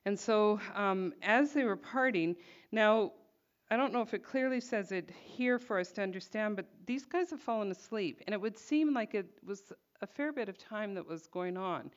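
A woman leading a Bible study in a conversational way, reading scripture aloud with expressive emphasis. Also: mid-range voice, normal speed, highs cut off. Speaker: Bible teacher.

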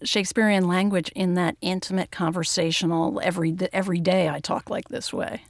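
A woman interviewer asking measured, thoughtful questions. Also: on the low side, flat delivery, no room sound.

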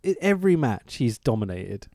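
A man co-hosting a casual wrestling podcast, sweary and animated, laughing often. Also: mid-range voice, moderate pace, vocal fry, dry recording, studio quality. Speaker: podcast co-host.

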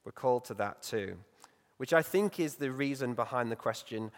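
A man's voice: mid-range voice, moderate pace. Reflective male preacher in a reverberant hall. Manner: reflective, conversational, lively when acting out stories. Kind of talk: sermon. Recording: long reverb in a large hall.

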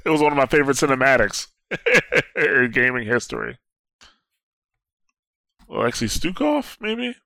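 Man, podcast co-host, bright sharp voice, dry sound, easygoing gamer banter. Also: medium pitch, moderate pace, creaky, no echo. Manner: animated, laughs often, swears casually. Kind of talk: casual gaming chat.

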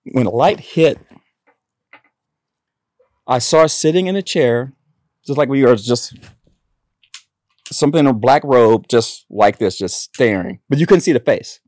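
A man talking as a guest in a relaxed interview, his voice sitting in an ordinary middle pitch. He rambles through his stories, restarting sentences as he goes. The sound is dry and close, with no room around it. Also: dry recording. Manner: rambling storytelling with many restarts. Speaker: author and actor, guest. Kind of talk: casual conversational interview.

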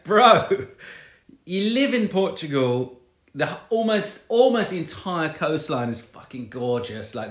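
A man's voice: mid-range voice, fairly bright tone, echoey room. A man co-hosting a podcast, rambling and sarcastic in casual banter. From British Isles. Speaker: podcast co-host.

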